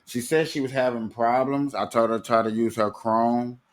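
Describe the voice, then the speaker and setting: A man's voice: mid-range voice, fairly even intonation, moderate pace. A man hosting a livestream in a casual, easygoing way, running the show and handing out points to guests. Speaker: livestream host. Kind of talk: casual chat.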